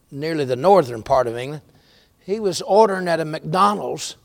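A man's voice: fairly high pitch, vocal fry, fairly bright tone, dry recording, clean studio sound. A middle-aged man with a Southern American accent, preaching a sermon in a folksy storytelling way. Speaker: pastor.

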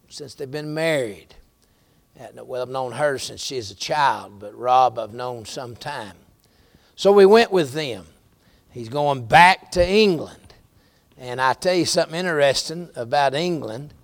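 A man's voice: mid-range voice, vocal fry, dry recording. A middle-aged man with a Southern American accent, preaching a sermon in a folksy storytelling way. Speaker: pastor.

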